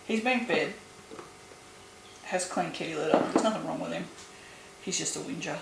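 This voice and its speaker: A woman's voice: low voice, slow pace, vocal fry, pauses often. A woman making soap at home, chatting casually and groaning and swearing in disgust at a smell. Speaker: soap maker. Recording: echoey room with noise.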